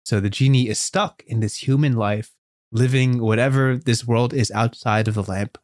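A man telling an improvised story on a writing podcast, animated and rambling. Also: mid-range voice, moderate pace, dry recording, clean studio sound. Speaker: podcast host.

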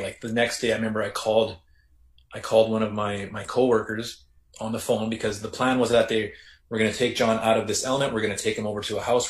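A Canadian man, a former correctional officer, recounting his story in a reflective, halting way with many restarts. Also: lowish voice. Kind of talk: casual storytelling interview. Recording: roomy echo.

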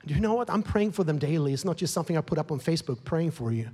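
Male pastor preaching, emotional storyteller, higher-pitched, long hall reverb. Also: animated, racing, breathy edge. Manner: emotional, grows louder and more heated, whispers at times. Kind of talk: sermon storytelling.

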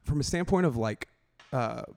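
A man's voice: mid-range voice, lively intonation, moderate pace, creaky, darkish tone. A man hosting a podcast, chatting in an easygoing, joking way with his guest. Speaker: podcast host. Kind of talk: casual chat.

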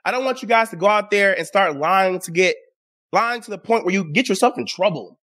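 Man, high-pitched, show host, casual commentary, sarcastic, exasperated. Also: expressive, fairly quick, a bit bright. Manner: sarcastic, exasperated, talks straight to the audience.

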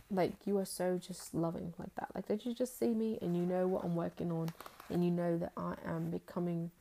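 Young woman for a casual faith vlog: heartfelt, rambling, low and mellow. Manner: earnest, rambling, full of "like" fillers.

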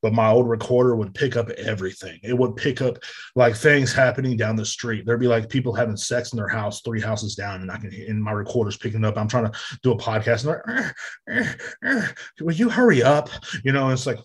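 Man, husky voice, podcast host, rambling profane rant, casual, home mic. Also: fairly low pitch, fairly even intonation, a little fast. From United States. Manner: profane, rambling, frequent fillers. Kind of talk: casual ranting monologue. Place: home room near a street. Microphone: desk microphone.

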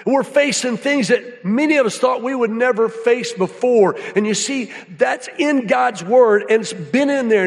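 A man preaching a sermon with a high-pitched voice, telling folksy stories with lots of animation. His voice rings with the long reverb of a large hall. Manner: animated storytelling, folksy, drops to hushed awe. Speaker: guest speaker.

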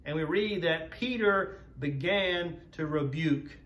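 A man preaching a sermon as a pastor, in an earnest, measured way, slowing down to stress key words. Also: a little high, a bit bright. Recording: roomy echo, voice from a distance.

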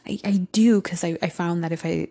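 Woman, low husky voice, gravelly edge, gentle rambling self-help talk, whispered asides. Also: steady tone, fairly quick. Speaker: host.

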